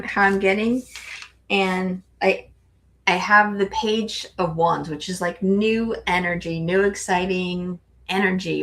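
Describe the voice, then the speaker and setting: A woman reading tarot cards on a casual live stream at a middling pitch. She talks in a hesitant, searching way, with ums and restarts as she feels out each card. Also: a bit bright. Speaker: tarot reader, guest co-host.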